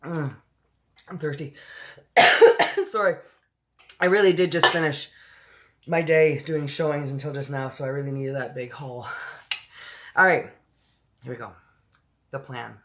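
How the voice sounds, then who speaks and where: A woman's voice: low-pitched, steady tone, unhurried, pauses often, fairly bright tone. A woman hosting a casual late-night read-aloud livestream, chatty and profane with giggly asides. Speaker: storybook reader and livestream host.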